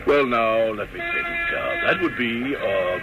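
An actor playing a dignified, flustered older gentleman who stammers politely. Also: mid-range voice, wildly swooping pitch, slow pace, lo-fi sound, loud music behind the voice, full character voice. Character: flustered well-dressed older gentleman, smitten.

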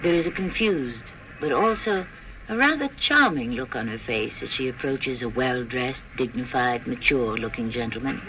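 A man hosting a radio drama, narrating in a measured, declamatory style. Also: mid-range voice, animated, background noise.

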